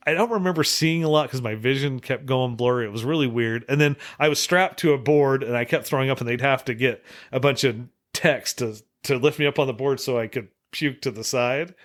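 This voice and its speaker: A man's voice: mid-range voice, a little fast, few pauses. A middle-aged man, a podcast guest, telling stories casually, laughing often and swearing freely. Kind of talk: casual storytelling.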